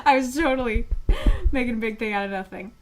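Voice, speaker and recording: A woman's voice: a little high, fast, slight background noise. A woman streamer giving casual, playful commentary on a game and giggling often.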